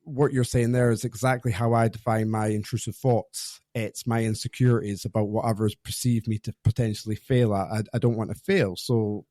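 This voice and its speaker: Podcast host guy in his 30s, mellow voice, kinda hesitant, lots of restarts. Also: on the low side, little pitch movement, moderate pace, few pauses, dry recording, clean studio sound. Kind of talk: interview conversation.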